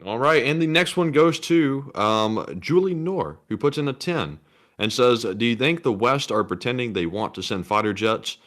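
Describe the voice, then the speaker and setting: A man's voice: mid-range voice, expressive, normal speed, a bit bright. A man co-hosting a casual livestream, reading supporter messages aloud in a laid-back way. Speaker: co-host reading donations.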